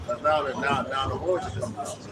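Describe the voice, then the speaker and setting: A man's voice: medium pitch, a little fast, distant mic. A man preaching in an emphatic, slangy way during a street ministry discussion, often calling the listener "man" and "bro". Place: city street outdoors. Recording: loud street traffic, voice off-mic. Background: traffic noise.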